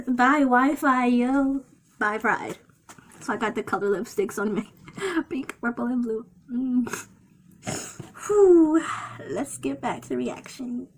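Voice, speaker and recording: A woman's voice: a little high, animated, normal speed, slight background noise. A woman in her twenties hosting a reaction video. She gives tender, repetitive reassurance and sounds close to tears. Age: 20s. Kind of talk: emotional reaction commentary.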